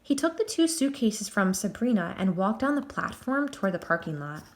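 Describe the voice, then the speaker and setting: A woman narrating a children's novel aloud in an expressive, animated way. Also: medium pitch, moderate pace. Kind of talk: storybook read-aloud.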